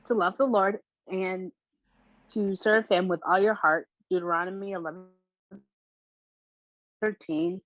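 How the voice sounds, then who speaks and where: A woman in a class reading a passage aloud, slow and careful. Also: medium pitch, steady tone, a bit bright, dry recording, dull audio. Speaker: class participant.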